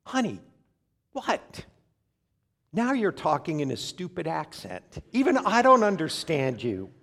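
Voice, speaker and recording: A woman's voice: low voice, big pitch swings, unhurried, full character voice. A man voicing his wife, a patient woman who dryly corrects her husband. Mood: exasperated. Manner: gently exasperated, dry.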